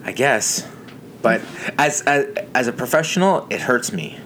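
A man's voice: mid-range voice, big pitch swings, unhurried, fairly bright tone, a little hiss or hum. A young man co-hosting a podcast, trading casual, profane banter with a friend. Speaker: podcast co-host.

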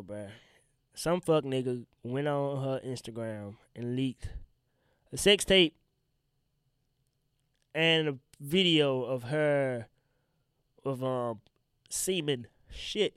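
Here the young comedian's voice sits at medium pitch, animated yet slow, with long pauses and a slightly bright, smooth tone. Pollen has him congested and a little sick as he rambles, swearing bluntly, through a solo rant on his podcast. It's a dry, clean studio recording.

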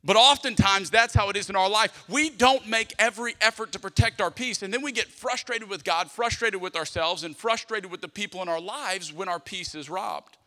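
A fairly high, very bright and forceful male voice preaches to his congregation, piling up repeated phrases and rhetorical questions. He sounds like a pastor in his thirties. His words ring out with a long hall reverb from the church sanctuary. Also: moderate pace, hardly any pauses. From South Louisiana, US. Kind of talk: sermon.

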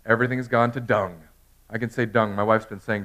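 Animated male pastor preaching. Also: fairly low pitch, a little fast, long pauses. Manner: animated preaching, swings from loud outbursts to quiet intimate tones. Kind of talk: sermon.

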